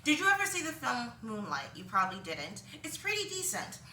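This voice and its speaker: A woman with a high-leaning, wildly swooping voice speaks fairly quickly in a bright, forceful tone, with slight background noise. Vlogging from a room at home with laundry behind her, she rambles through her opinions in a casual monologue full of ums and short laughs at herself. The sound is roomy and distant from the mic.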